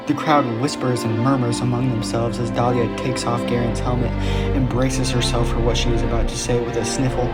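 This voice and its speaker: A storyteller narrating a dark fantasy tale in an earnest, even manner. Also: medium pitch, a little fast, loud music behind the voice.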